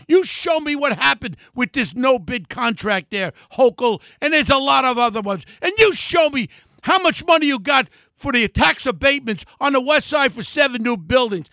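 An older man tears into a combative political rant as a podcast host. His voice sits very high for a man and crackles with gravel, and his tone is sharp and forceful. The sound is close and dry, with no room around it. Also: lively intonation, moderate pace, no room sound. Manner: loud, heated, ranting and combative.

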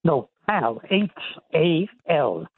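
An elderly man nearing ninety, speaks over a thin, tinny phone line. He patiently corrects the host, and his voice sits slightly high for a man. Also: big pitch swings, slow pace, breathy edge. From Brooklyn. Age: 80s. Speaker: caller.

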